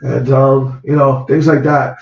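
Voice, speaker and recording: A man, an actor, recalls a personal story in conversation, halting and repeating words as the feeling comes through. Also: medium pitch, flat delivery, vocal fry. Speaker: actor, guest. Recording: roomy, dull lo-fi sound.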